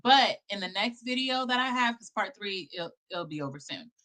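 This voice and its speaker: A woman's voice: medium pitch, expressive, moderate pace, pushed and bright. A woman in her thirties doing casual commentary, brash, profane and emphatic.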